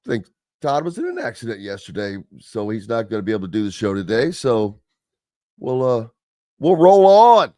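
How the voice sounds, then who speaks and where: A man's voice: fairly low pitch, very animated, a little fast, a little mellow, dry recording, studio quality. A man hosting a sports talk radio show, chatting casually in a rambling way and reading listener comments aloud.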